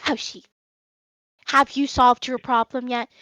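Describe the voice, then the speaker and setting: A woman voicing a fussy, cryptic old male wizard gnome who talks slowly and in hushed tones. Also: sits high, level tone. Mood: sly.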